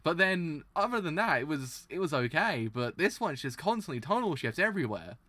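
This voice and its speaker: Male reaction streamer, exasperated, loud, rambling, slightly high voice. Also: very animated, brisk, dry recording. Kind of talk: live reaction commentary.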